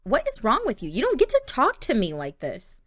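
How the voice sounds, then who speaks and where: A woman's voice: on the high side, huge pitch swings, a little fast, fairly bright tone, no echo, studio quality, voice pushed up, exaggerated voice. A woman voicing a young female student who sounds earnest, a bit defensive and hurt. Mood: upset.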